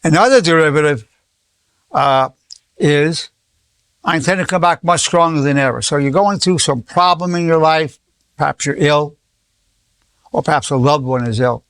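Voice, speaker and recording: Speaking at normal speed with long pauses, this psychologist in his eighties has a voice on the high side that is a bit bright and smooth. His informal teaching is full of stories, repeated words, restarts, and acted-out dialogue. There is no room sound.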